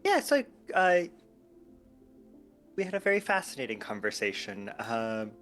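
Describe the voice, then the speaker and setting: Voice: medium pitch, wildly swooping pitch, measured pace, a bit bright, faint music behind. A player in a tabletop game stream, recapping events with dry, wry understatement. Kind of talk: casual chat.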